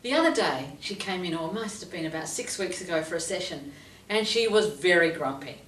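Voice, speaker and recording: Expressive woman, roomy echo. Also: lowish voice, fairly quick, distant mic, a little hiss or hum. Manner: lively, expressive storyteller. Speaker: life coach. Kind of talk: storytelling monologue to camera.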